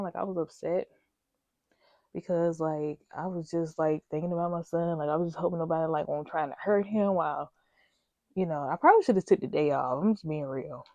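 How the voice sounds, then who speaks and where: Candid lower-voiced woman telling a story. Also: a little mellow, no room sound. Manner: candid, rambling, emphatic, addresses viewers directly. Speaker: vlogger telling a work story. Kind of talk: casual storytime chat.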